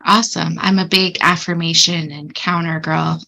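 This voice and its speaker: A woman's voice: on the low side, level tone, normal speed, creaky, pushed and bright, low-quality recording. A middle-aged woman hosting a therapy podcast, upbeat and direct with her guest. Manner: upbeat, apologetic laughter, direct questions. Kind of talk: casual interview chat.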